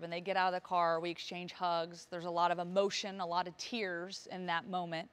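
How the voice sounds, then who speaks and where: A woman in her thirties, a motivational speaker, telling a personal story on stage with vivid, emotional delivery and acted-out dialogue. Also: medium pitch. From Virginia, US.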